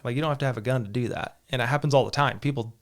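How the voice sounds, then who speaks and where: A man hosts a casual podcast, talking in loose, rambling anecdotes. He laughs often as he goes, and his voice sits in a middle pitch. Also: very fast. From Southern Utah. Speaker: podcast host. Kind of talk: casual chat.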